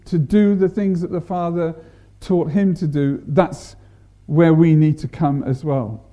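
A man preaching a sermon, deliberate, repeating and stressing words to make his point. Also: on the high side, mellow.

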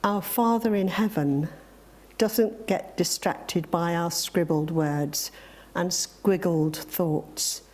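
Speaking slowly and at a fairly low pitch, a female preacher reads a reflective story that leads into a sermon. She stays gentle but breaks out in emphatic exclamations.

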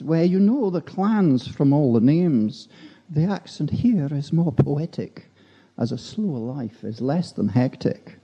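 A man's voice: on the high side, gravelly, dark tone, breathy edge. A man at a church gathering, reciting a humorous rhyming poem with chatty, self-deprecating asides between verses. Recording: dull lo-fi recording.

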